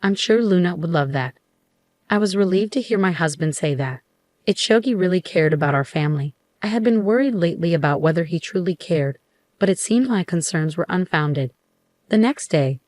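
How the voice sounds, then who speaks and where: A woman telling a first-person story in an even, measured way. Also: fairly low pitch, no room sound.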